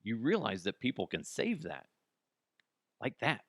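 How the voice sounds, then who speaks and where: A man's voice: fairly low pitch, huge pitch swings, a little slow, no room sound, studio quality. A man hosting his own podcast, ranting in a blunt, mocking way with lots of restarts. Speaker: podcast host. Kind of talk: casual solo podcast rant.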